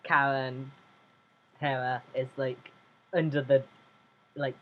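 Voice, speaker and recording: Hesitant player, lots of ums, middle pitch, muffled lo-fi audio. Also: flat delivery, slow pace. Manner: hesitant, many fillers and restarts. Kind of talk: casual tabletop play chat.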